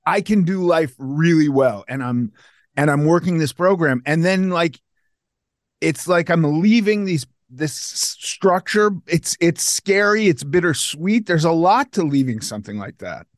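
A man's voice: on the high side, expressive, measured pace, no room sound, clean studio sound. A man hosting a podcast, chatting candidly and conversationally, restarting his sentences often. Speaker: podcast host. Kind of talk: casual chat.

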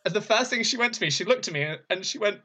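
An animated young man tells his story as an interview guest. He laughs often and raises his voice high whenever he acts out what someone said. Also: fast, husky. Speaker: interview guest, burlesque performer.

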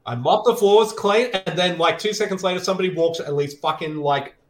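A man's voice: high voice, brisk. A man co-hosting a podcast, joking and swearing freely in casual banter while watching a movie. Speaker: podcast co-host.

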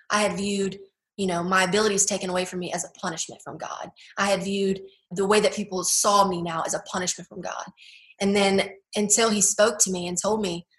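In this personal testimony interview, a young adult woman shares her experience with heartfelt sincerity, often saying "like" and "you know." Her pitch is medium and slightly bright, and the recording carries a roomy echo.

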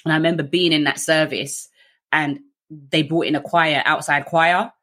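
Low-voiced British woman telling her story. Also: fairly even intonation, moderate pace, fairly bright tone. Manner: conversational, many fillers, acts out others in raised voices. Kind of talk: candid personal storytelling.

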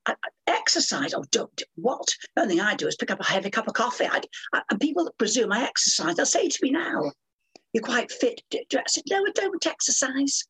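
Older woman, podcast guest; husky, animated, theatrical storyteller. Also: on the high side, quick pace, poor audio. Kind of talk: storytelling interview.

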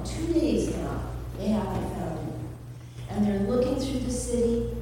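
A woman's voice: a little high, noisy background. A woman who is a teacher, telling a story to students as a children's sermon and doing playful voices for the characters. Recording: echoey hall from far off.

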